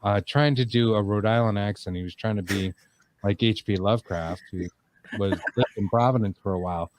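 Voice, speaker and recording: A man's voice: lowish voice, brisk, darkish tone. A man with a New England accent hosting a podcast, talking in an easygoing, rambling way. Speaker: host. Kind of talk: casual podcast chat.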